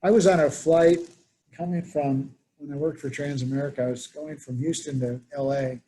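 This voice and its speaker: A man's voice: a little high, fairly even intonation, normal speed, mellow. A man presenting a workshop, telling anecdotes and acting out the people he quotes. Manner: storytelling, acts out quoted voices. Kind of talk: conversational workshop talk.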